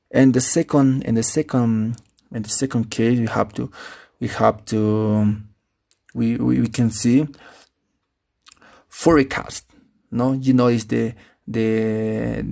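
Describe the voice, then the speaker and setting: A man teaching English pronunciation, halting and restarting often, checking in with "no?" and repeating example words deliberately. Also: mid-range voice, vocal fry, a little mellow. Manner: halting, many restarts, frequent "no?" tag. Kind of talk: pronunciation lesson.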